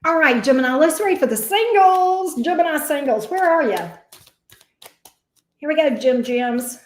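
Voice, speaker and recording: Woman, tarot reader, live reading, chatty, exclamatory, teasing, slightly high voice, echoey room. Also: animated, unhurried, a little hiss or hum.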